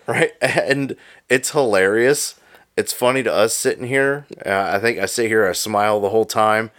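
A man's voice: lowish voice, moderate pace, a bit bright, no room sound. A man co-hosting a casual podcast, laid-back and joking, swearing freely as he chats into a studio mic. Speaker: podcast co-host. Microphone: studio microphone.

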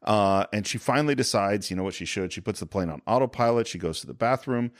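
A man's voice: on the low side, fast talker, no room sound, clean studio sound. A man hosting a podcast, casually discussing a film and animatedly retelling its scenes. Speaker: podcast host.

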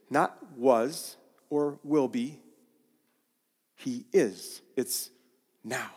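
Slow, deliberate preacher in a reverberant hall. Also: male voice, mid-range voice, darkish tone, breathy edge. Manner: halting, restarts phrases, slow deliberate delivery. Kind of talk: sermon.

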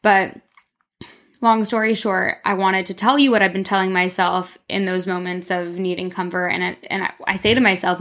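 A woman's voice: medium pitch, flat delivery, moderate pace, a bit bright. A woman hosting a casual solo podcast, talking candidly from her room in a rambling, self-encouraging way with lots of "like.". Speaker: podcast host. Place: her own room, speaking toward a mirror.

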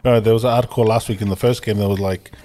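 A man's voice: on the low side, fairly even intonation, rapid-fire, dark tone. A man co-hosting a casual podcast chat, blunt and swearing freely. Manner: blunt, profane storyteller. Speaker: podcast co-host.

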